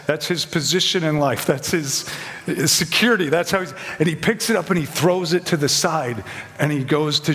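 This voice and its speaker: A man with a fairly high, fairly bright voice preaches a conversational sermon in a hall with long reverb that makes his voice ring out. He asks questions and slips into quick acted-out lines from his story.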